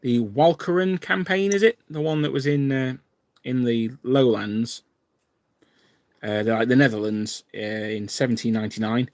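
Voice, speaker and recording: A man's voice: mid-range voice, steady tone, moderate pace, darkish tone, no room sound. A man hosting a livestream, chatting casually and rambling with many fillers and restarts. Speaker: wargaming channel host.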